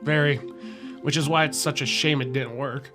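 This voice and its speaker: A man's voice: a little high, steady tone, moderate pace, music in the background. A man co-hosting a podcast, reading a horror file aloud in a casual, chatty way. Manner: casual, swears, laughs between read passages. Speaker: podcast co-host.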